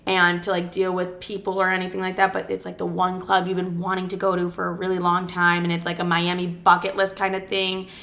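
A young woman telling a personal story in a casual, animated way. She swears freely and acts out what each person said. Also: lowish voice, fairly quick, hardly any pauses.

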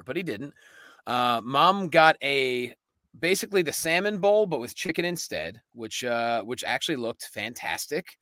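A man's voice: mid-range voice, a little slow, no room sound, studio quality. A man co-hosting a comedy podcast, telling rambling stories in casual banter. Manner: rambling storyteller with lively bits. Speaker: podcast co-host.

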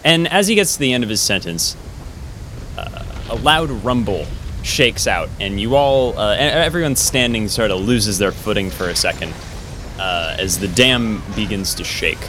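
A man with a fairly low voice narrates a tabletop game as game master. He sets scenes in a relaxed way, often stopping on fillers. Faint ambient noise runs underneath. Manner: relaxed, with frequent filler pauses.

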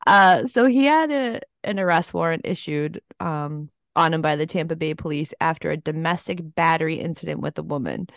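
A woman's voice: low-pitched, moderate pace, gravelly, hardly any pauses, dry recording, studio quality. A woman co-hosting a podcast in casual chat, teasing and laughing often, with some swearing. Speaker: podcast co-host.

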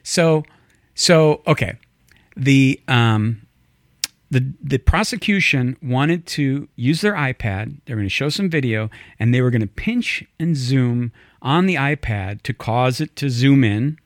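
A man co-hosting a casual talk show tells stories with lively asides and slips into voices when he quotes others. His voice sits at an ordinary middle pitch. The sound is dry and close to the mic. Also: a little slow, no room sound. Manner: animated storytelling, mimics voices in quotes. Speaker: podcast co-host. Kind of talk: casual political chat.

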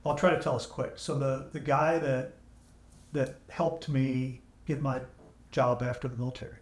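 A man's voice: medium pitch, steady tone. Earnest man telling a story, echoey room. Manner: earnest, emotional, halting restarts. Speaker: podcast guest. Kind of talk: candid storytelling. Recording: echoey room, AI-salvaged audio.

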